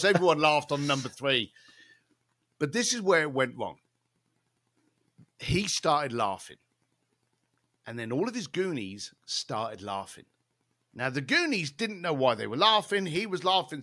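A man, a guest on an interview show, telling a salty anecdote with lots of asides. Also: a little high. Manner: lively, salty anecdotes with frequent laughs and asides. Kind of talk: animated storytelling in a podcast interview.

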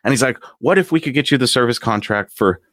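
A man's voice: medium pitch, fast talker, dry recording, studio quality. A man casually telling a story, acting out the voices in it and laughing as he goes. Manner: animated, acts out quotes with laughs.

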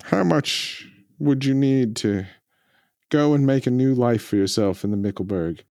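رجل يلعب لعبة أدوار على الطاولة، يتكلم بمرح ويدخل في شخصيته. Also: male voice, medium pitch, a little slow, vocal fry, mellow, dry recording, clean studio sound. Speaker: player. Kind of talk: playing a tabletop game.

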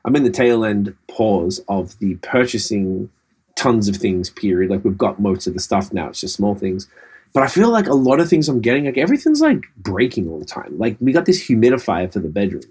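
A man's voice: lowish voice, animated, normal speed, darkish tone, husky. A man co-hosting a podcast, telling rambling, profane stories in casual chat. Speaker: podcast co-host.

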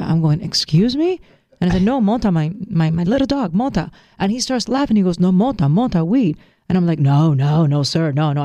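A man with a high voice chats on a podcast, telling stories with lively acted-out quotes. His tone is dark and mellow, recorded dry and close. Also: dry recording. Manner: animated storyteller, acts out quotes in a higher voice. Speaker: podcast co-host. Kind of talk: casual chat.

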